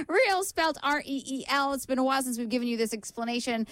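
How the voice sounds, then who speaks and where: Woman, breakfast radio host, chatty, giggly, slightly high voice, dry studio sound. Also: expressive, brisk, a bit bright, no echo.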